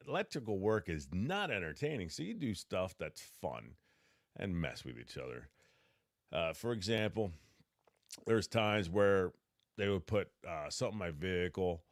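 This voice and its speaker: A middle-aged man, a podcast host and electrician trainer, telling stories in a casual, animated way, stammering, laughing and acting out quotes in a raised voice. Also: low voice, dry recording, clean studio sound. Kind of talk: casual storytelling.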